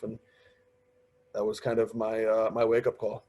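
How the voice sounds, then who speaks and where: This podcast guest, a pro hockey player in his twenties, has a lowish voice and talks at a moderate pace with frequent pauses. In relaxed interview chat he spins stories, often quoting and performing other people's lines in lively asides.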